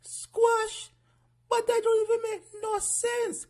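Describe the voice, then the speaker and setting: A performer voicing a strict female schoolteacher with a Jamaican accent in a cartoon, shrill and scolding. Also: monotone, takes it slowly, darkish tone, exaggerated voice. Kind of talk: animated cartoon voice acting.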